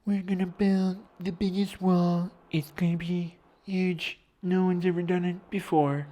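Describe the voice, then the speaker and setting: A South African man doing a comic impression of a boastful older male politician who repeats himself in slow, drawn-out brags. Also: sits high, level tone, warm tone, pitched above the performer's own voice.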